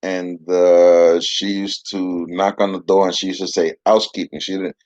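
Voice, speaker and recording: A very deep-voiced man leads a casual Bible lesson in a patient, soothing, rambling way. His voice is dry and close. The recording is dull and lo-fi. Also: level tone, a little slow, a little mellow, no room sound. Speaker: Bible teacher with a puppet.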